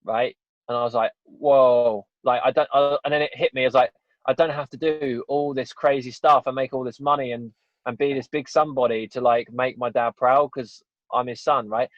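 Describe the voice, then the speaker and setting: Speaking at a normal speed in a steady, medium-pitched voice, an Englishman shares a personal story as a guest in a casual podcast interview. He's earnest and rambling, often saying "you know" and "right?". The audio is dull and dry.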